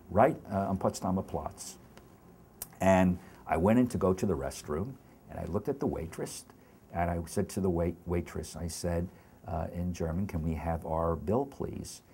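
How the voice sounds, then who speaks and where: Older guy telling his story slow and halting, deep low voice, kinda husky. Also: warm tone. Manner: halting, reflective, many restarts. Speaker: interviewee. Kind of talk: oral history interview.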